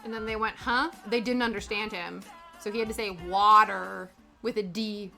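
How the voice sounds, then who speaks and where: A woman from Canada chatting casually with her live chat while stitching, animated and quick to laugh. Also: medium pitch, faint music behind. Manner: chatty, animated, laughs often, greets viewers by name. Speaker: streamer.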